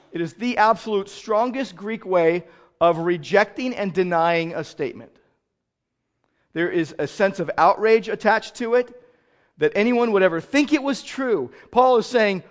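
A man preaching a sermon as pastor, swinging from loud outrage to quiet explanation. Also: high-pitched, expressive, measured pace.

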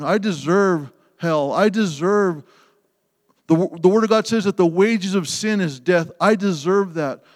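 A man preaching a sermon with passion, swinging between loud emphasis and hushed, tender passages. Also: high voice. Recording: long hall reverb.

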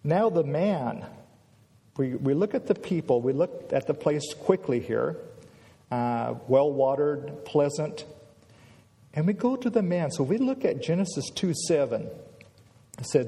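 A man's voice: fairly high pitch, lively intonation, unhurried, warm tone, in a large hall. A man preaching a sermon in a church, conversational and storytelling, acting out scenes as he goes.

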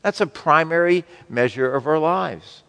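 A man preaching a sermon to his congregation, slow and emphatic, with wide swings between loud and soft. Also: a little high, in a large hall. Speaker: pastor.

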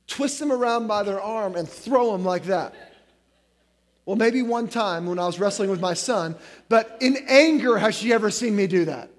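A man in his forties preaching a sermon in a loose, conversational way, dropping filler words as he spins stories. His voice sits fairly high for a man. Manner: conversational, many "like" fillers, animated storytelling. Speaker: guest preacher.

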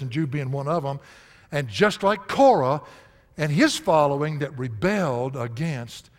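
A man, preaching a sermon as a pastor in a folksy storytelling manner with loud bursts of emphasis and frequent laughter. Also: medium pitch. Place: church sanctuary. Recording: echoey church hall reverb.

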